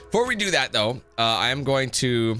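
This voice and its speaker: A man's voice: mid-range voice, very animated, moderate pace, bright, forceful tone, faint music behind. A man giving casual, rambling commentary while playing a video game, often correcting himself mid-sentence. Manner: chatty, rambling, self-correcting. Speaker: gaming YouTuber.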